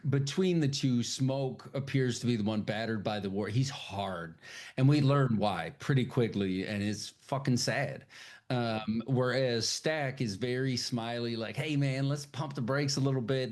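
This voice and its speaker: A man co-hosting a podcast, chatting casually about a film, swearing a lot and acting out the characters' lines in voices. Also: unhurried. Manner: animated, profane, acts out character lines in high voices. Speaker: podcast co-host. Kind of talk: casual film review chat.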